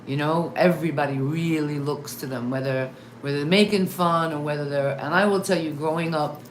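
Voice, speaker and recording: A middle-aged American woman hosting a live interview show, chatting in a rambling, animated way. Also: low-pitched, fairly quick. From United States. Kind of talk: casual live interview chat. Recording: echoey room, faint noise.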